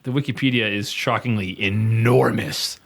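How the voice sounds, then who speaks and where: A man's voice: fairly low pitch, fairly even intonation, moderate pace, creaky. Giggly podcast man, laughs often. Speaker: podcast co-host. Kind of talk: casual comedic chat.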